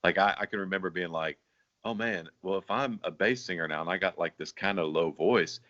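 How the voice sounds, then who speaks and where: A low-pitched man hosts a relaxed chat, friendly and quick to agree. The recording has a somewhat dull tone. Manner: friendly, laughs easily, agrees often. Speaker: host, bass singer. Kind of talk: casual interview chat. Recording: dull sound.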